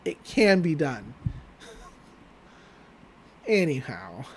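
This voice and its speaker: Extremely slow and mid-range, with a little background hiss or hum, a podcast host recaps a cartoon episode. It's casual and animated, with frequent laughs, wry plot asides, and characters' lines acted out.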